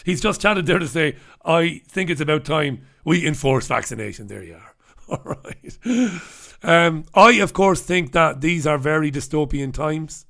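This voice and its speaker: A man's voice: on the high side, a bit bright. A man hosting a casual newspaper review, chatty and irreverent, swearing and laughing at his own jokes. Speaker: host.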